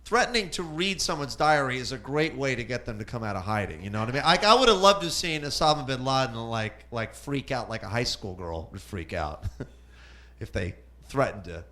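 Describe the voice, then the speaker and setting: Bright, animated comic in his forties. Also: medium pitch, fairly quick. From Southern California. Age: 40s. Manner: rambling, self-deprecating asides. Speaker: stand-up comic. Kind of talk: open-mic stand-up comedy. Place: comedy club stage.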